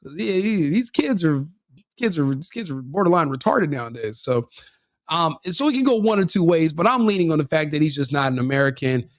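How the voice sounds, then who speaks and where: A man with a somewhat high voice gives profane reaction commentary, brash and combative, laughing at his own jokes. The sound is dry and close. He keeps up a mocking, scornful tone. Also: very animated, fairly quick, no echo. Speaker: online commentator reacting to a video.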